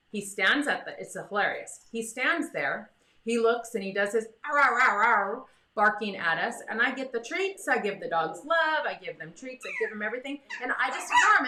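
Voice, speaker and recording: Chatty lady talking dog training, bright sharp voice, echoey room, does little voices for the pup. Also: mid-range voice. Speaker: dog breeder giving training advice. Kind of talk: casual advice talk to camera.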